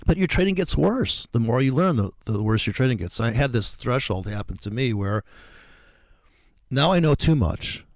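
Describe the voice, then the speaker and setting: A man's voice: mid-range voice, animated, moderate pace, creaky, dry recording. A man talking about trading in a heated, profane rant that mocks other traders. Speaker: trader co-host. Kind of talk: animated trading talk.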